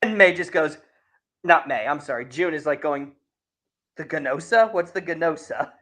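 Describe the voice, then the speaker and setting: A man's voice: fairly high pitch, animated, a little slow, fairly bright tone. A man hosting a casual anime review chat, retelling scenes with energy and acting out the characters' lines. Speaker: podcast host.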